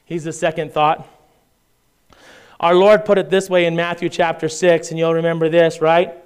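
A man's voice: fairly high pitch, flat delivery, moderate pace, smooth. A man preaching a sermon in a conversational way, reading scripture aloud and often checking in with "right?". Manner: conversational preaching with frequent "right?" asides and restarts; reads scripture aloud in King James style. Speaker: pastor.

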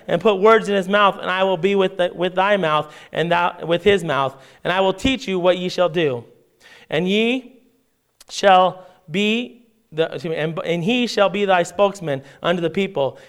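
High, smooth-voiced male preacher. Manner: reads scripture aloud with lively asides and paraphrase. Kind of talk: sermon with scripture reading.

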